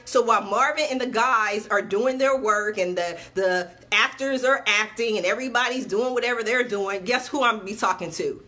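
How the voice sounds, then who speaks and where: A woman's voice: fairly high pitch, normal speed, pushed and bright. A woman who runs a small TV network, chatting casually to viewers on a livestream; upbeat, she repeats dates for emphasis and is sweating a little. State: sweating, patting herself dry. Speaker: TV network CEO. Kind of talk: casual Facebook Live talk to viewers.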